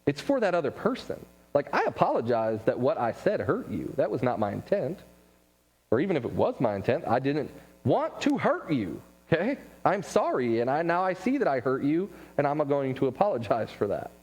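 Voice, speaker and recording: A man giving a casual church class talk, telling stories with quick asides and laughs. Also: a little high, very animated, a little mellow, husky. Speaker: Bible class teacher. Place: church room. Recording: long hall reverb.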